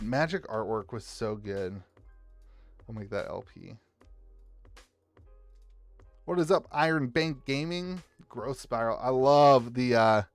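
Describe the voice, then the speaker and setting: A card shop owner with an Appalachian American accent streams live, chatting and rambling as he sorts trading cards and greets viewers by name. His voice is medium-pitched, with no echo.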